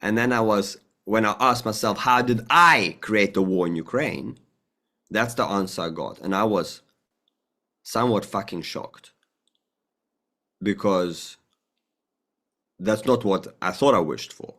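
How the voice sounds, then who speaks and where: A man's voice: a little slow, long pauses, bright, forceful tone. Rambling, emphatic man in conversation. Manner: rambling and emphatic, with frequent profanity; acts out dialogue with a jumpy, higher voice. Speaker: guest. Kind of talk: conversational interview, spiritual talk.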